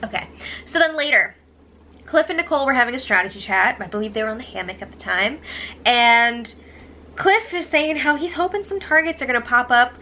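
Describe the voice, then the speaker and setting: A woman's voice: a little high, expressive, brisk, bright, forceful tone, a little hiss or hum. A young woman hosting a casual recap, chatty, with sarcastic, eye-rolling asides. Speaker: host recapping a reality show.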